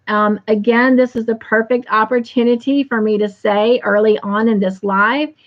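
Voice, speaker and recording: A woman's voice: on the high side, dull audio. A woman hosting a casual livestream, reading viewer comments aloud in an affectionate way. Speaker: livestream host.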